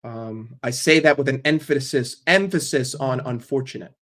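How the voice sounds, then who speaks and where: A man's voice: medium pitch, moderate pace, fairly bright tone. A man from New York ranting casually and profanely on a live stream, rambling between jokes and opinions. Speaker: football fan streamer.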